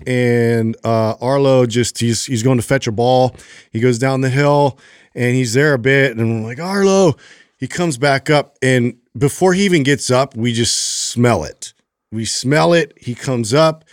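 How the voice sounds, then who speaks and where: A man's voice: mid-range voice, clean tone, no room sound. Guy rambling thru a story on a podcast, mid voice, super dry close mic. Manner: rambling storyteller, lots of "like" fillers. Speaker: podcast co-host. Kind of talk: casual chat. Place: podcast studio.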